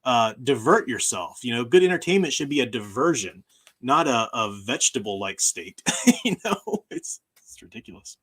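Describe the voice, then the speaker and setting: A man's voice: mid-range voice, big pitch swings, moderate pace, a bit bright, slightly rough. A man, a university professor hosting his own channel, talking in a casual livestream chat, emphatic and often laughing at his own remarks.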